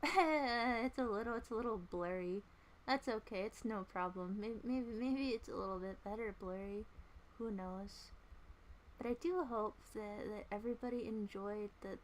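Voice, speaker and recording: A woman's voice: a little high, a bit bright. Playful, self-mocking woman streamer. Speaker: livestream host. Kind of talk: rambling casual chat with viewers.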